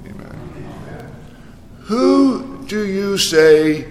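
A man preaching a sermon in a church, telling jokes and voicing the people in them with lively delivery. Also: sits high, a little slow. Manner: jokey storyteller, voices the jokes, lively preaching. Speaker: pastor. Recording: echoey hall reverb.

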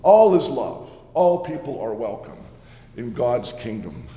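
In an echoey church hall, a man with a medium-pitched, mellow voice portrays an ancient, good-humored Reformation preacher. He is very animated yet a little slow, giving a heartfelt, homely first-person sermon sprinkled with playful asides.

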